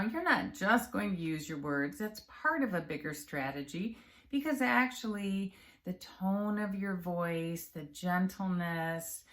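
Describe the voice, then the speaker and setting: A woman coaches the viewer in an unhurried, measured way. Her voice sits a little low, and she speaks calmly and encouragingly. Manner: calm, measured and encouraging, addressing the viewer directly. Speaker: health and empowerment coach. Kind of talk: direct-to-camera coaching talk.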